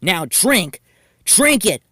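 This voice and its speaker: A man voicing a bossy two-faced teen girl, raised pitch, lively swings, dry storybook voice. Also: normal speed, dry recording. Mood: furious. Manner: snapping, shouting. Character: hot-tempered teenage girl, two-faced bully.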